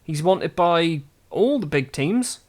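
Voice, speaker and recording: Man, slightly high voice, chatty game commentary, self-mocking. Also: animated, slow. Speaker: gaming YouTuber.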